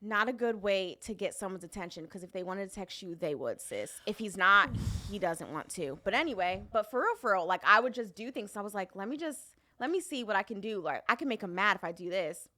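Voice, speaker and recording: A woman's voice: mid-range voice, expressive, a little fast, bright, forceful tone. A woman in her twenties, a podcast guest candidly telling a personal story in casual chat. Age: 20s.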